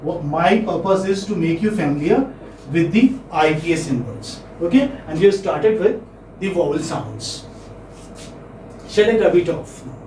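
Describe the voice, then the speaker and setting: A man's voice: fairly high pitch, expressive, a little slow, darkish tone, a little hiss or hum. A man teaching phonetics to a class, repeating words and asking checking questions. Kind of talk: classroom lecture. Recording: echoey classroom, mic far off.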